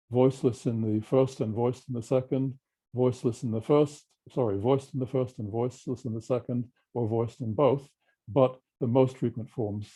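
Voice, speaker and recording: Older Australian male lecturer, very mellow dark tone, measured technical delivery. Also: mid-range voice. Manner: measured, technical, explanatory with pauses. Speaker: linguistics lecturer. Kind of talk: academic seminar lecture.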